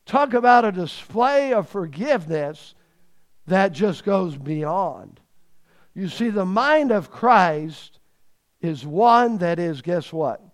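A man preaching a sermon, emphatic, repeating key words for stress and swinging between loud and hushed delivery. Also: sits high, sing-song, slow pace.

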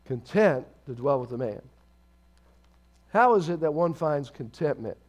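High-voiced preaching man. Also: lively intonation, unhurried. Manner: preaching with call-and-response to the congregation; swings between loud emphatic bursts and low quiet asides. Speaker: pastor. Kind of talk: sermon.

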